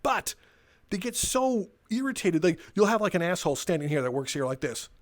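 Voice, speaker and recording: Very animated and speaking a bit fast in a high voice, a young man strolls around delivering a comedic rant. It's sarcastic, exasperated, and loaded with swearing, in the style of a profane walking tour.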